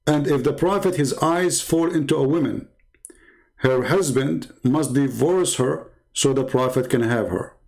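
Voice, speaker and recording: Combative man with a dark, mellow voice. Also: mid-range voice, measured pace, creaky, rough recording. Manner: combative, fires rhetorical questions; reads aloud and translates source texts. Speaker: live-stream religious debater. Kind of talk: heated live-stream argument.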